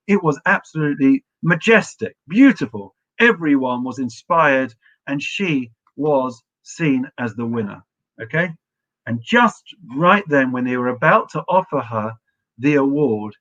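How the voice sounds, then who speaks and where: Bright-toned man giving a sermon. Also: fairly high pitch, lively intonation, dull audio. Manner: storytelling with halting restarts. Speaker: rabbi. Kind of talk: sermon with storytelling.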